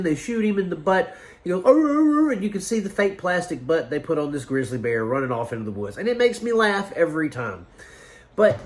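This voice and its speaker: Chatty, slightly high-voiced man reviewing films. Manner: enthusiastic, rambling, many fillers. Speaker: movie reviewer. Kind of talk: casual video review.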